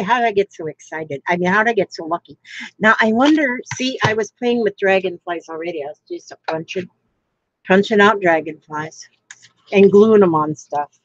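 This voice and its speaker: A woman's voice: mid-range voice, no room sound, highs cut off. A woman from Florida who chats casually while crafting on a livestream and reads out viewer comments. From Florida, United States.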